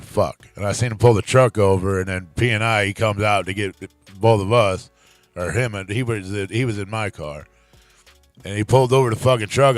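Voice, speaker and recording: Profane, animated man telling a story. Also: on the low side, no echo. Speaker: podcast co-host. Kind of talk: casual chat, storytelling.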